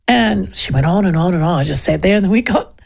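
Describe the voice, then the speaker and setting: A woman's voice: on the low side, animated, fast talker, vocal fry, darkish tone. A middle-aged woman with a New Zealand accent hosting a talk radio show, chatting and telling stories in a loose, laughing way. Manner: chatty, laughing, acts out quoted voices. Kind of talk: casual chat and storytelling.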